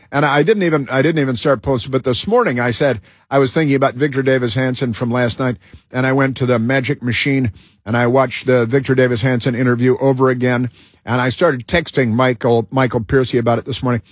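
Husky guy doing a rambly talk show monologue, lots of uhs and restarts, dry close sound. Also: medium pitch, no room sound. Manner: halting, with many fillers and restarts.

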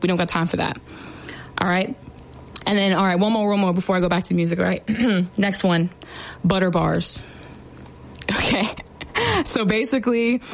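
A young woman, hosting a radio show in a chatty, animated way. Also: medium pitch, poor audio. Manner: chatty and animated, lots of fillers and exclamations. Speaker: radio host. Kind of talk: casual radio talk.

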